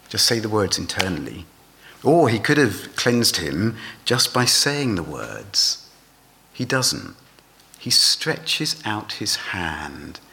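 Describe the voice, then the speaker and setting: A man's voice: mid-range voice, sharp tone, slight background noise. A man preaching a sermon, asking his listeners rhetorical questions.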